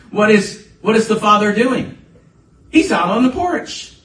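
A man's voice: sits high, animated, takes it slowly, a bit bright. A man preaching a conversational sermon as a pastor, building to emphatic bursts. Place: church sanctuary. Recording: echoey room, voice from a distance, faint ambience.

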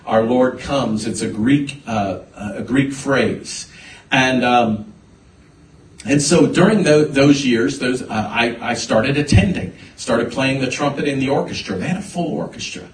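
A man preaching a sermon, telling a personal story with halting restarts before building to emphatic points. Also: medium pitch, a little hiss or hum. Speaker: pastor. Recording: echoey hall, voice from a distance.

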